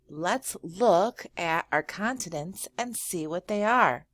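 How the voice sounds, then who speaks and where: A woman teacher giving a slow, encouraging lesson to young children, drawing out words and praising often. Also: lowish voice, a bit bright, dry recording, studio quality. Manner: drawn-out words, frequent praise and thinking hums.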